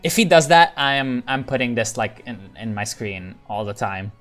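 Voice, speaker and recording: A man's voice: mid-range voice, lively intonation, normal speed, hardly any pauses, a bit bright, soft background music. A man giving casual, rambling commentary over a strategy game, often breaking off mid-sentence and swearing. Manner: rambling, self-interrupting, swears, laughs often. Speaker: game streamer.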